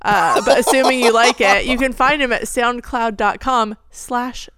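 A woman co-hosting a podcast in casual chat, breezy and quick to giggle. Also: a little high, steady tone, fairly bright tone, no echo. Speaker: podcast co-host.

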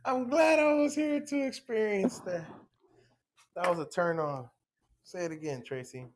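A woman's voice: medium pitch, a little slow. A woman joking in a casual group voice chat, playful and teasing, with bursts of exclamation.

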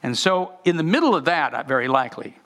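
Male pastor, gravelly and bright, animated sermon delivery with restarts. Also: a little high, fast. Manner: animated, many restarts and repeated words.

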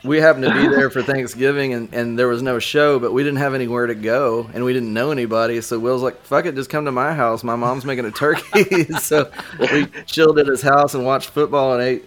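A man swapping rowdy tour stories in an easygoing podcast chat. He swears freely and throws his voice up when he acts out what people said. His pitch sits in an ordinary middle range. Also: brisk, soft background music. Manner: animated, swears a lot, acts out quotes loudly. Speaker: podcast guest, former band member. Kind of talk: casual storytelling chat.

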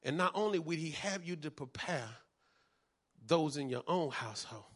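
A man, preaching a sermon as pastor, moving from calm teaching to shouted fervor. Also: fairly high pitch, normal speed, slightly rough.

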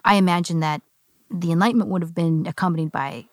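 A woman's voice: on the low side, fairly even intonation, fast talker, no room sound. A woman co-hosting a podcast, talking through ideas in a thoughtful, rambling way with many "like" fillers, into a studio microphone. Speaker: podcast co-host. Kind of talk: casual podcast discussion.

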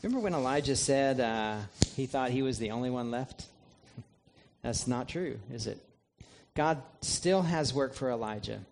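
A man, a pastor, preaching a sermon in an earnest, measured way, reading scripture aloud. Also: medium pitch, lively intonation, creaky, a little mellow, slight background noise.

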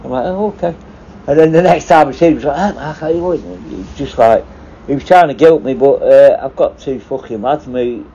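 A man's voice: medium pitch, fairly quick, mellow. A man, a former prison officer, telling rambling, swear-filled stories in casual chat. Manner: swears constantly, rambling anecdotes. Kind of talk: casual storytelling. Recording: dull lo-fi with faint noise.

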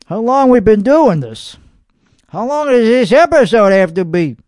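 A man with a high voice talks alone in casual reaction commentary, dry and sarcastic, grumbling as his thoughts wander. The sound is close and dead, with no room around it. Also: very animated, measured pace, darkish tone, no room sound. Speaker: podcast host reacting to online videos.

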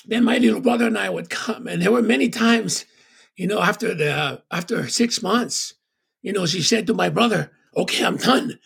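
A man from Tonga, telling a personal story as an interview guest, halting and full of "you know". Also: high-pitched, creaky, a bit bright, slightly rough.

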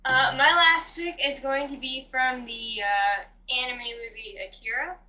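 A woman co-hosting a casual podcast chat, speaking in a measured, halting way. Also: high voice, fairly even intonation, bright, forceful tone, poor audio. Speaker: podcast co-host.

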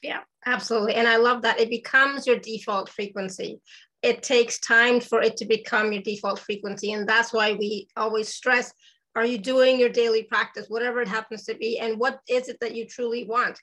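Bright, enthusiastic slightly hoarse woman host. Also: fairly high pitch, fairly even intonation, moderate pace, rough recording. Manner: enthusiastic, self-deprecating, many fillers. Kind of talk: casual spiritual talk.

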